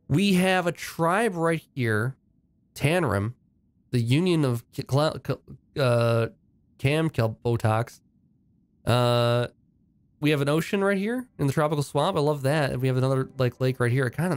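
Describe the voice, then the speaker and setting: A male game streamer with a mid-range voice gives casual, upbeat commentary while playing a video game, thinking aloud with frequent fillers and restarts. The recording is dry.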